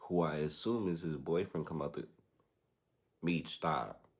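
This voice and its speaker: A young man hosting a podcast, telling a story casually in slangy, animated talk and imitating the people he quotes. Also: extremely low pitch, fairly quick. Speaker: podcast host.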